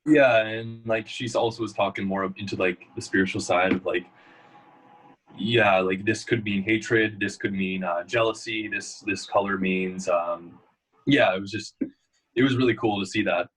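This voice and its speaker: A man's voice: lowish voice, fairly even intonation, normal speed, a bit bright, slightly rough, poor audio. A young man, a guest in a casual interview, telling rambling stories full of fillers. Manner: storytelling, loose and rambling with many fillers.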